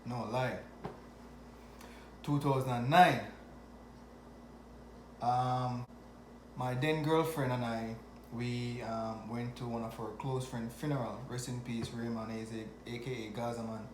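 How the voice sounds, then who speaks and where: A man's voice: mid-range voice, slow pace, long pauses, a little hiss or hum. Jamaican man telling a story, echoey room. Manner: animated, chuckling storyteller. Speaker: vlogger. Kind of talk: storytelling to camera.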